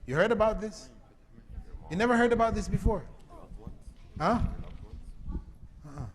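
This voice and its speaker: A man's voice: sits high, expressive, measured pace, slight background noise. A man giving a religious lecture to a live audience, often quizzing the listeners with repeated questions. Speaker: Islamic lecturer. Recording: long hall reverb.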